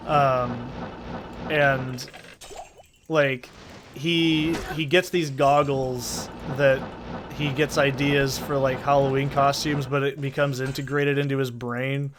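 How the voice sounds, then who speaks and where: A man's voice: mid-range voice, flat delivery, takes it slowly, noisy background. A man with a stuffy cold, casually rambling and swearing through gameplay commentary, heavy on "like" fillers. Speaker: gaming channel host.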